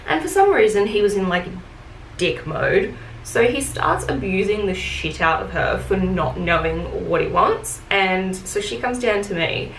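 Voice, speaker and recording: A woman's voice: medium pitch, lively intonation, a little slow, creaky, slight background noise. A woman telling retail work stories in a casual rant, frank and chatty, with plenty of fillers and swearing. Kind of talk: casual get-ready-with-me rant. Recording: echoey room with faint ambience.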